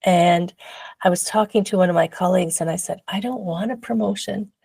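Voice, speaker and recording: A woman guest recounts her own experiences in an animated, chatty way, laughing often and acting out her past self. Her voice sits on the low side with a gravelly edge. The recording is dry and close, with no room sound. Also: fairly quick, dry recording. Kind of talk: casual storytelling in a podcast interview.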